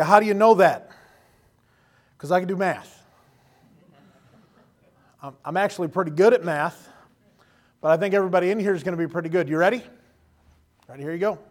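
A man preaching a sermon in a folksy, joking way, acting out quoted voices. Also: on the high side. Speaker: pastor.

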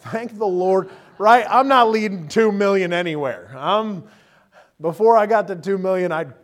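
A man's voice: high voice, moderate pace. A middle-aged man preaching a sermon in a conversational, humorous way, often checking in with the listeners. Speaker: pastor.

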